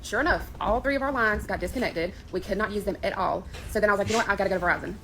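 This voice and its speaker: Woman, very fast, casual storytime, frustrated, animated. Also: mid-range voice, slight background noise, rough recording. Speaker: person telling her scam story.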